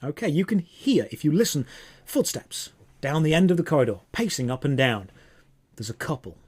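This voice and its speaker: A man running a tabletop game as game master, narrating scenes in a descriptive, drawn-out way. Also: on the high side, big pitch swings, husky.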